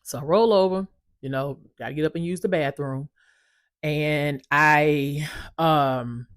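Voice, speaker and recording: A woman in her thirties casually telling her own story as a parent, animated and emphatic, swearing freely. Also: deep voice, no room sound, clean studio sound.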